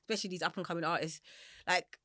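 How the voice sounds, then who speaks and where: Fast-talking, bright London woman. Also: fairly low pitch, no echo, clean studio sound. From Germany and South London. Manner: rambling, animated, quick to laugh. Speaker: singer-songwriter guest. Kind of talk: candid interview storytelling.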